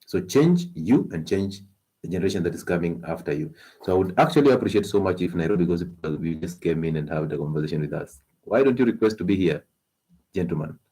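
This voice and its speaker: A man with a Kenyan accent hosting a health talk stream, animated and coaxing, laughing often as he gives advice. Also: sits low, fast, slightly rough. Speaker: health show host.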